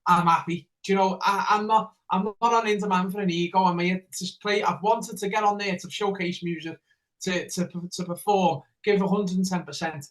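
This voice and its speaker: A man's voice: high voice, steady tone, a little fast, rough recording. Eager rambling man DJ. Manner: rambling, repeats himself, eager. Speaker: DJ and radio presenter. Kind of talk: casual podcast interview.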